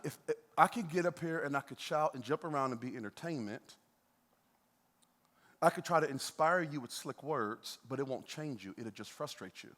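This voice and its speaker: A man preaching a sermon as a pastor, in a lively, conversational way, with playful asides to the congregation. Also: medium pitch. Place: church auditorium. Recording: long hall reverb.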